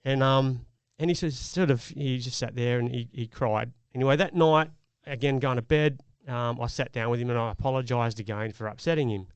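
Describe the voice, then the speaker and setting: A man's voice: mid-range voice, steady tone, a little fast, hardly any pauses, clean tone, dry recording. A middle-aged man, a podcast co-host, telling a personal parenting story in an earnest, reflective way. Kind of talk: casual chat.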